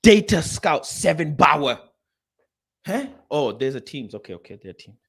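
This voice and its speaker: A young man rants at his screen, mocking and swearing as he reads out names. His voice sits on the high side and swings widely between loud outbursts and low mutters. He sounds like a football vlogger who is fed up. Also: very animated, measured pace, breathy edge. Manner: mutters while reading a screen aloud. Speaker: football channel host. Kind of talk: ranting reaction commentary.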